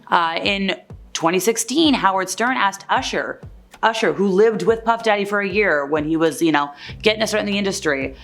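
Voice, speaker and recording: With faint music behind her, a woman in a mid-range, slightly bright voice hosts an entertainment news segment at a moderate pace. Her delivery is animated and chatty, full of celebrity gossip, and she keeps recounting what others said with "like."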